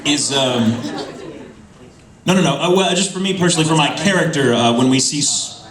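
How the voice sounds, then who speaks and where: A man's voice: mid-range voice, moderate pace, fairly bright tone. A man who is a voice actor, chatting on a convention panel, enthusiastic and rambling, laughing often. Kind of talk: casual convention panel talk. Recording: echoey hall, mic from far off, crowd noise.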